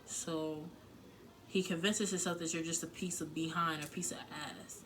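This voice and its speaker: Bright-voiced frank woman vlogger. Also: low voice, fairly even intonation, moderate pace, a little hiss or hum. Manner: frank and candid, loose with filler words and swearing; emotional, close to tears at times. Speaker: relationship advice vlogger. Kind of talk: casual reaction vlog.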